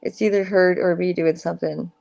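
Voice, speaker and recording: A young woman with a low, gravelly, slightly mellow voice chats casually on a live stream panel from a room at home, speaking a little fast in a steady tone. She's stoned and giggly, rambling and laughing often as her sentences trail off.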